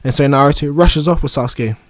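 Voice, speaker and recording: A man's voice: on the high side, quick pace, dry recording, studio quality, soft background music. A man retelling a fan story casually, rambling with many fillers and restarts.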